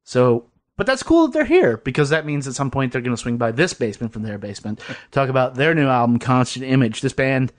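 A man's voice: mid-range voice, sing-song, a little fast. Chatty, rambling podcast host man. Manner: rambling, swearing, laughing often. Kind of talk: casual chat. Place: basement.

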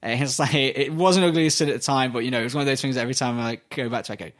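A British man co-hosting a podcast in casual chat, swearing freely and telling animated stories with acted-out voices. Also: mid-range voice, racing. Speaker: podcast co-host.

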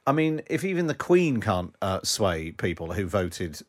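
Low-voiced male news presenter. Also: sing-song, measured pace, a little mellow.

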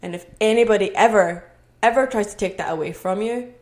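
A woman's voice: medium pitch, a little fast, darkish tone. A woman in her twenties from Scotland with a Scottish accent, talking alone on her podcast at home in an earnest, motivational way. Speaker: podcast host. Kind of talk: solo podcast monologue.

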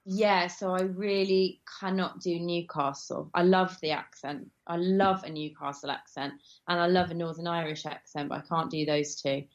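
Low-voiced chatty woman, muffled sound. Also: fairly even intonation, normal speed, few pauses. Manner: chatty, rambling with many fillers and restarts. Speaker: actress guest. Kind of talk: casual interview chat.

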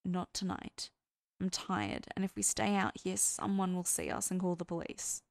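A woman's voice: fairly low pitch, expressive, moderate pace, dry recording, natural voice. A woman voicing a stubborn, guarded young man who answers in a reluctant, clipped way, read from a fan fiction audiobook.

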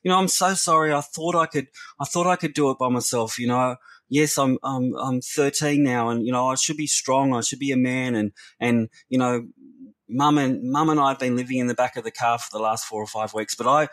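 A man's voice: medium pitch, fairly bright tone, no echo, pitched above the performer's own voice, close to an everyday voice. A man voicing a distraught thirteen-year-old boy who apologises through tears. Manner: tearful, apologetic, halting.

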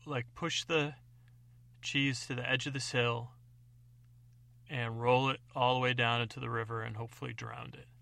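A man's voice: mid-range voice, gravelly, pushed and bright, no room sound. A man casually narrating an improvised bedtime story, rambling with fillers.

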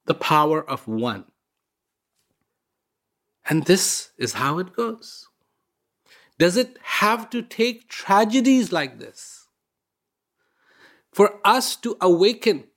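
A man's voice: sits high, sing-song, a little slow. A man hosting an inspirational talk, earnest and emphatic, repeating key words and asking rhetorical questions. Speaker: speaker, show host.

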